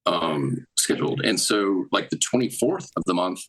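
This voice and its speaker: A man's voice: low voice, very animated, moderate pace, fairly bright tone, low-quality recording. A man retelling case details in a rambling, run-on way.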